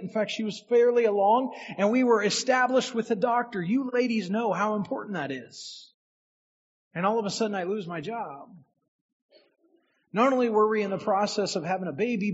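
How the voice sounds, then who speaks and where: A man's voice: high-pitched, husky, highs cut off. A man who is a minister, giving a sermon as a personal story and speaking directly to the people in the room.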